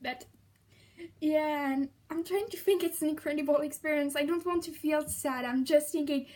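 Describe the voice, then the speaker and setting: A young French woman with a French accent, gushing excitedly in a casual vlog and laughing often. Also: high voice, normal speed. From France. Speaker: vlogger.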